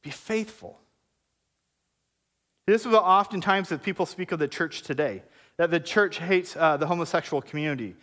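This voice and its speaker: High-voiced joking male preacher. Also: fairly quick, a bit bright. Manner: conversational, joking preacher with asides. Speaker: pastor. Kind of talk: sermon. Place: church service before a congregation.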